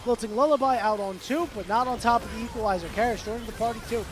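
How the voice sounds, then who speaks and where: A man calling live esports play-by-play, rapid and excitable, bantering with his co-caster. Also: very high-pitched.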